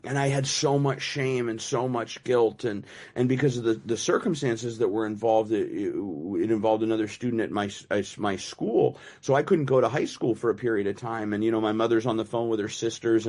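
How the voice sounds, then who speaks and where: A man's voice: fairly low pitch, brisk, few pauses, a little mellow. Man, middle-aged, recovery share, rambling fillers, dry self-mocking humor. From United States. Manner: conversational, many fillers and repeats. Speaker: recovery meeting speaker.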